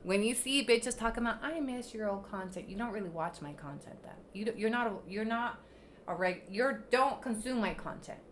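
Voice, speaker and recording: On her casual livestream, a young woman bluntly rants at critics in the comments, swearing plenty. Her voice sits on the high side, expressive and a little fast, with a little hiss or hum in the audio.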